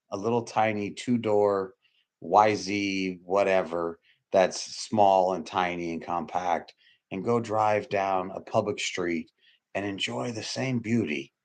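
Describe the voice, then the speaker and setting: A man delivering a loose, conversational sermon to his congregation. He rambles, restarts his sentences and repeats himself, swinging from emphatic loud bursts to low, quiet murmurs. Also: gravelly. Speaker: preacher. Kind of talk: informal sermon.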